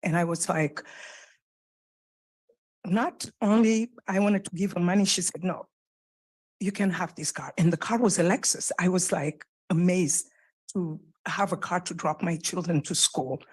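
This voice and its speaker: A woman with a French accent, a native French speaker, giving an earnest, halting public comment at a podium microphone in a council chamber. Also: fairly low pitch, a little mellow, husky. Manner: earnest, halting, with pauses and restarts. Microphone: podium microphone, close.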